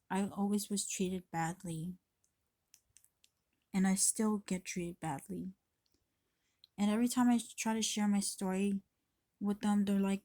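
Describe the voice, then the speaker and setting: A woman's voice: mid-range voice, warm tone, no room sound. A woman vlogging to her camera in a rambling, confessional way, swearing freely and often restarting her sentences. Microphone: camera mic.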